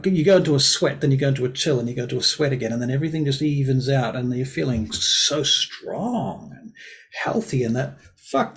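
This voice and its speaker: A man's voice: on the high side, rough recording. A man running a tabletop role-playing game as game master, rambling casually and swearing freely.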